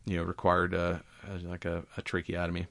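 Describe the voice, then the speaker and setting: A man chatting through science news on a casual podcast, his voice fairly low and recorded dry and close. He rambles, fills gaps with "uh" and "you know", swears freely and laughs at his own jokes. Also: completely flat delivery, fairly quick, fairly bright tone, no echo.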